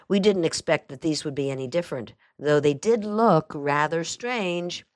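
A woman with a low, deep speaking voice narrates a first-person memoir in a dry, even way. The sound is close and dead, with no room around her. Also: moderate pace, no echo. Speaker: audiobook narrator.

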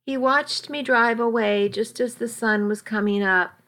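Slow, calm woman reading a story. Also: fairly high pitch. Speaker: narrator. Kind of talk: first-person story reading.

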